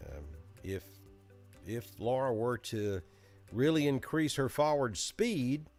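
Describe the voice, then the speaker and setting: A man's voice: mid-range voice, animated, slow pace, darkish tone, soft background music. Folksy Alabama-accented weatherman. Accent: Southern American, Alabama. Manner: folksy, chatty, storytelling. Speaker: weather broadcaster hosting live chat. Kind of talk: casual live-stream chat.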